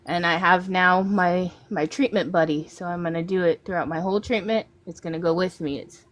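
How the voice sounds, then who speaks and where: A woman's voice: lowish voice, steady tone, brisk. A woman guest on an interview show, telling a painful personal story in a rambling, emotional way. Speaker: guest artist. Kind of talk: casual interview talk.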